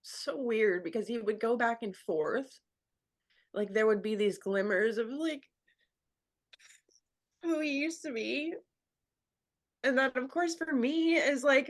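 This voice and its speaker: Speaking slowly in a slightly high voice, this woman leaves long pauses as she talks earnestly on a radio show. It's a candid personal interview, and her speech is packed with fillers, "like" coming up again and again.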